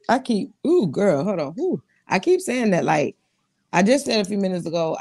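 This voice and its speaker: A woman co-hosting a casual talk show, animated and laughing often. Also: mid-range voice, normal speed. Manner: animated, laughs often, talks to the audience directly. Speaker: podcast co-host. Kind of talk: casual chat.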